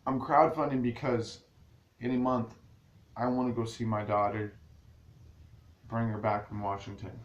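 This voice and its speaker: A man's voice: mid-range voice, level tone, moderate pace, pauses often, lo-fi sound. A man vlogging straight to his viewers in a rambling, casual way, restarting his sentences often. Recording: echoey room with faint ambient noise.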